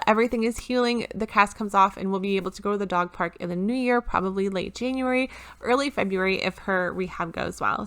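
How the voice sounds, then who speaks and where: Woman vlogger rambling to camera at home, bright voice, lots of ums and restarts. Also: medium pitch, clean tone. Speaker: planner vlogger. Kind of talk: casual chat to camera.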